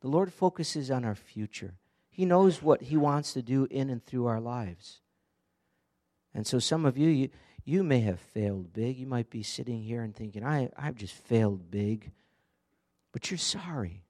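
A man's voice: medium pitch, lively intonation, unhurried, warm tone. Earnest man preaching a sermon. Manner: earnest, conversational preaching with direct questions to listeners. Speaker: pastor.

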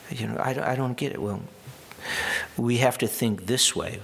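A man's voice: mid-range voice, animated, moderate pace, creaky, husky. Conversational male preacher, wry asides. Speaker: pastor. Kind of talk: sermon.

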